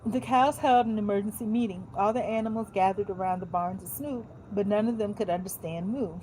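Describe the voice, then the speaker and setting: A woman talks casually in a warm, mellow voice and mixes reading aloud with chatty, joking asides in relaxed colloquial speech. A faint hiss runs behind her. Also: medium pitch, brisk, low-quality recording. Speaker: vlogger.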